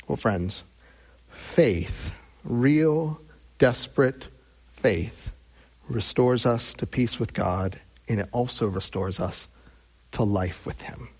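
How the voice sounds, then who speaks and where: A pastor delivering a sermon at a slow, unhurried pace and a middling pitch for a man. He swings from raised, pressing emphasis down to near-hushed phrases, leaning on pauses between words. The sound is dull and muffled.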